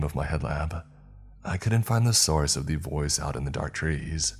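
A man narrating a first-person horror story in a measured, scripted way. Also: rumbling low, expressive, husky, soft background music.

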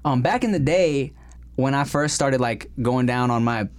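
A man's voice: mid-range voice, expressive, normal speed. A man co-hosting a comedy podcast, chatting crudely and casually with lots of fillers and laughs. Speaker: podcast co-host.

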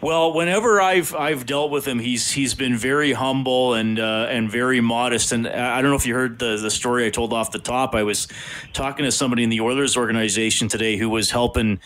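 A man's voice: mid-range voice, fairly even intonation, fairly quick, fairly bright tone. A man with a mid-range voice hosts a sports radio interview. He asks his guest questions in a chatty way, with the odd "uh" and a repeated word. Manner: chatty questioning, some hesitations. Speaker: radio sports show host.

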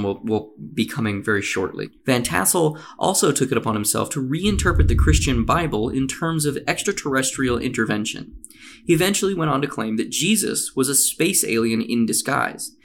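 A man's voice: medium pitch, expressive, normal speed, fairly bright tone, a little hiss or hum. Man narrating for a comedy podcast. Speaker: podcast host. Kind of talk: reading a story aloud in comedy podcast.

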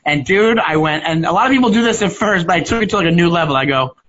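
A man's voice: quick pace, a little hiss or hum. A man, a stand-up comedian, chatting casually over a video call and acting out hecklers with big swings in voice. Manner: animated storyteller, acts out hecklers with loud swings in pitch. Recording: lo-fi call audio.

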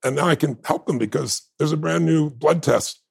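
A man's voice: a little high, moderate pace, vocal fry, darkish tone, slightly rough. A man talking as a guest in a conversation, telling stories in an intense, heartfelt, emphatic way. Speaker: podcast guest. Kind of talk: emotional storytelling in conversation.

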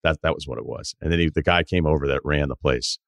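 A man in his forties hosting a podcast, telling rambling stories in casual chat with swearing and animated asides. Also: rumbling low, fast, gravelly, dry recording, studio quality. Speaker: podcast host.

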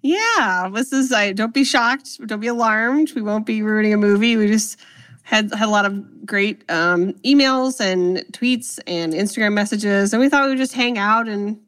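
A woman with a Midwestern accent co-hosts a podcast in loose, chatty talk. Her voice is a little nasal and sits at a middle pitch. She pokes fun at herself and laughs often. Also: moderate pace, fairly bright tone, no echo. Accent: Midwestern American. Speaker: podcast co-host. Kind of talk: casual chat.

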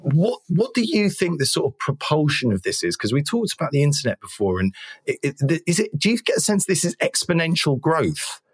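A man's voice: on the high side, sing-song, fairly quick, breathy edge, no echo. A man hosting a podcast, asking long rambling questions with frequent restarts in casual interview chat. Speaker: podcast host.

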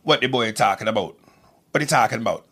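A man putting on a loud, playful Jamaican accent, talking up and drawling his words. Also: lowish voice. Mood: boisterous. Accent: put-on Jamaican. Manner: boisterous, drawn-out, playful.

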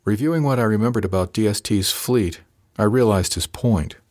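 A man reading a science fiction audiobook in first person, with an even, steady storytelling delivery. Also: fairly low pitch, moderate pace. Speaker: audiobook podcast narrator.

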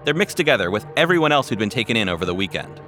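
A man narrating a documentary podcast in a measured, dramatic scripted style. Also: lowish voice, sing-song, over music. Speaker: podcast host.

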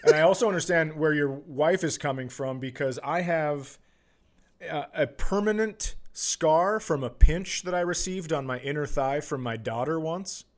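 A man's voice: on the high side, moderate pace. A man hosting a podcast, chatting casually and telling a profane story while acting out quotes. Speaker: podcast host.

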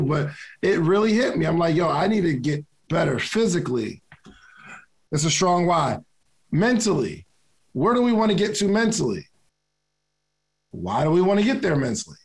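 A man's voice: on the high side, gravelly. A man giving a casual motivational talk, talking conversationally, repeating key questions and laughing at himself. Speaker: motivational speaker.

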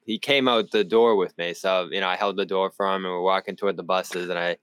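On a laid-back postgame podcast, this man with a Boston accent spins basketball stories with plenty of laughter, animated throughout. He speaks fairly quickly in a smooth, low voice, recorded without echo.

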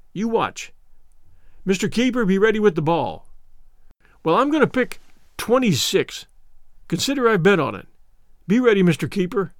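A man voicing a calm, courteous young gambler who speaks in a measured way. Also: high-pitched, no echo, studio quality. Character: cool-headed gambler man, calm and polite.

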